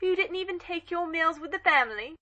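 A woman playing an imperious, sharp-tongued elderly aristocratic lady in an audio drama reading. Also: extremely high pitch, lively intonation, fairly quick, heavily acted. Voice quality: commanding, cross-examining.

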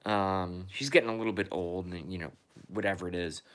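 A man's voice: sits low, fairly even intonation, a little fast, a bit bright. A man hosting a casual live stream from home, reading viewer comments aloud and answering them.

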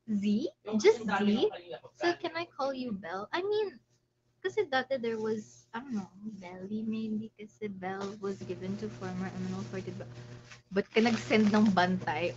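A young woman with a Filipino accent hosting a casual live stream, playful and excitable, quick to squeal and laugh. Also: medium pitch. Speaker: livestream host. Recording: slightly muffled lo-fi stream audio.

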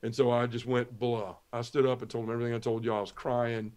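A middle-aged man telling his conversion story as a podcast guest, earnest and often dropping to a hushed voice. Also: mid-range voice, little pitch movement, fast talker. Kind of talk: testimony storytelling.

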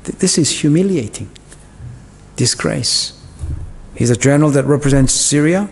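A man's voice: on the high side, expressive, moderate pace, creaky, darkish tone, breathy edge. A male pastor preaching a sermon in a church, explaining Bible verses in a conversational way with asides and fillers. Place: church hall. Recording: long church reverb.

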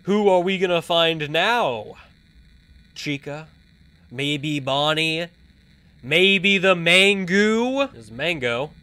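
A young man giving casual let's-play commentary, chatting to the game characters and breaking into excited shouts. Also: fairly high pitch, drawn-out words, long pauses, clear, resonant tone. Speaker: gameplay commentator.

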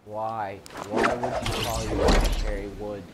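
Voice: medium pitch, little pitch movement, measured pace, very noisy. A gamer chatting casually with a partner during play, joking around and breaking into laughter and sudden squeals. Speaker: gamer playing with a duo partner. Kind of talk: casual let's-play chat.

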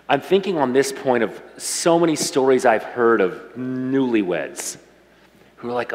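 A middle-aged man preaching a sermon as pastor, talking to the congregation in a warm, conversational and emotional way. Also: mid-range voice, expressive, a little slow. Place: church sanctuary. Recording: reverberant church hall.

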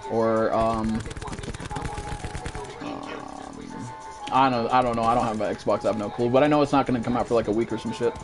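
A man's voice: lowish voice, moderate pace, gravelly, pauses often, over music. A young American man streaming a shooter game, cursing constantly, ranting and reading out viewers' chat messages. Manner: profane, excitable, reads chat aloud. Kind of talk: live gameplay commentary.

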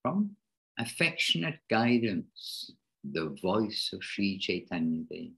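A man with a deep voice runs an informal devotional class over an online call. His tone is husky and a little breathy. He often stops and rephrases himself mid-sentence as he explains. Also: sing-song, slow, a bit bright, rough recording. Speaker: class host.

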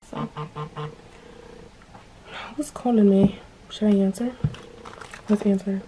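Young woman vlogging into her phone at home, kinda stuffy nose, rambly and chatty, soft warm voice. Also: mid-range voice, fairly even intonation, slow, soft background music, poor audio. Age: young adult. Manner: rambling, chatty, heavy use of "like". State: stuffy from allergies and a runny nose. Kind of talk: casual vlog chat to camera. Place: bedroom at home.

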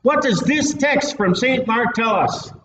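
A man's voice: very high-pitched, expressive, measured pace, a bit bright, slight background noise. A man preaching a casual, folksy Bible-teaching sermon in a plain-spoken, emphatic way. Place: church hall with a live audience. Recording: echoey room, mic at a distance, dull sound.

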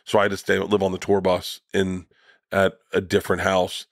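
Middle-aged male comedian guest, low voice, dry close sound, profane rambling storyteller. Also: monotone, moderate pace, gravelly, no echo. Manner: profane, rambling anecdotes with restarts. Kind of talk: casual storytelling conversation.

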